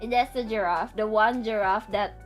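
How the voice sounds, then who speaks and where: A woman's voice: medium pitch, fairly even intonation, normal speed, soft background music. A woman streamer chatting casually and rambling, laughing often between stories, with squeals of disgust. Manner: rambling, giggly, lots of laughter and fillers. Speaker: VTuber streamer.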